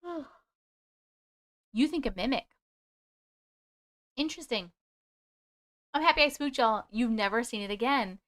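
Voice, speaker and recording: Unhurried and pausing often, this woman speaks in a fairly high, slightly bright voice. On her casual livestream she reads viewer stories, responds to comments, and occasionally sings snippets of songs.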